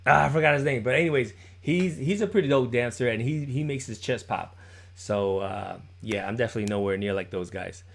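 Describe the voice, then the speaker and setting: A dance instructor leads a live-streamed popping class, counting beats, cheering on his students, and chatting with viewers in the chat. His voice is gravelly, medium-pitched, and a little fast.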